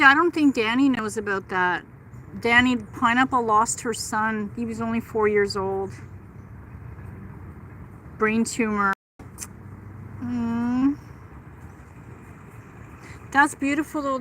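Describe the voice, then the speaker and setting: Woman, middle-aged, livestream host, chatty and gushing, bright voice, a bit high, phone mic outdoors in a park. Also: slow pace, pauses often, slight background noise, poor audio. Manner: chatty and gushing, reads out and answers chat. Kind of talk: casual live chat with viewers.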